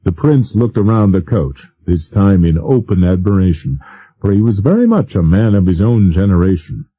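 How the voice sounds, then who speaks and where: A man narrating an audiobook in a measured, formal reading style. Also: low-pitched, very animated, dry recording, muffled recording. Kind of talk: scripted narration.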